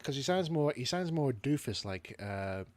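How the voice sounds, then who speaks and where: A man hosting a relaxed review chat, full of enthusiasm. His pitch rises and falls a lot as he talks. He laughs often and slips into little impressions. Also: moderate pace, a crowd in the background. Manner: animated, laughs often, acts out lines. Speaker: podcast host reviewing an animated series. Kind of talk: casual chat.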